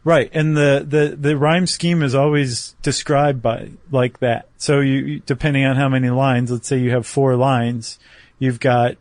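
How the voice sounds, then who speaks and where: A man's voice: mid-range voice, level tone, measured pace, a little mellow, dry recording. A man co-hosting a podcast in a casual explanatory chat. His voice sits in a middling register, and he talks things through patiently and pokes fun at himself. The sound is close and dry, with no room around it. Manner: chatty, self-deprecating, explains step by step. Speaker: podcast co-host.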